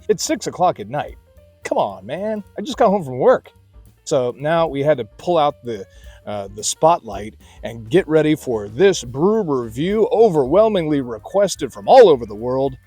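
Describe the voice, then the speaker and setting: A man's voice: medium pitch, a little mellow. A middle-aged man hosts a casual beer review vlog outdoors in a garden at night. He talks in a chatty, folksy way and drifts into rambling asides. Faint music plays in the background.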